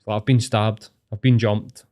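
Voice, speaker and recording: A man's voice: on the low side, flat delivery, moderate pace, a little mellow. Scottish man telling sweary anecdotes. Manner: sweary, rambling anecdotes, calls people mate. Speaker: podcast host. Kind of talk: casual chat.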